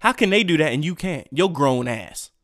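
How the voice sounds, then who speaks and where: A man ranting on his own podcast, profane and emphatic, swinging between loud outbursts and quiet asides. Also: on the high side, animated, moderate pace, no room sound, clean studio sound. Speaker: podcast host. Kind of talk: solo ranting podcast monologue.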